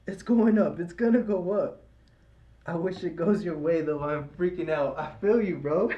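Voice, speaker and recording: A man's voice: on the high side, normal speed, reverberant, highs cut off. A young man live-streaming his trading, hyped and slangy, cheering the chart on and sweet-talking it like a lover.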